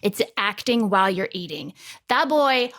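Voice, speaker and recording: A woman in her thirties chats on a relaxed podcast about a show she acted in. She tells stories with feeling and gets emotional easily. Her voice sits at an ordinary pitch for a woman. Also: moderate pace. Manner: emotional, chatty storyteller. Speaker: podcast co-host, actor from the show. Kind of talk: casual rewatch podcast chat.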